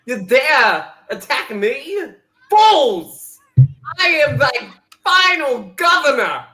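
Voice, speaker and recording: A woman puts on a pompous god of the underworld who booms his archaic threats with theatrical overacting. His voice is bright and swings widely in pitch. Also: sing-song, very slow, exaggerated voice, poor audio. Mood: raging.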